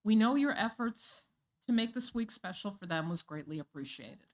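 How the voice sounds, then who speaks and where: A woman's voice: mid-range voice, lively intonation, moderate pace. Woman board member reading announcements. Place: board meeting room.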